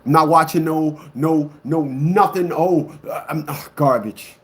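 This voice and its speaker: Guy ranting on his stream, kinda high voice, blunt and repetitive, gets loud then mutters. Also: unhurried. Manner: swings between loud outbursts and low muttering. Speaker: online commentator. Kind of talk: ranting monologue to a live audience.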